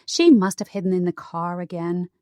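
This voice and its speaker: A woman's voice: lowish voice, expressive, moderate pace, warm tone, no echo, studio quality, lightly acted. Woman reading an offhand sister.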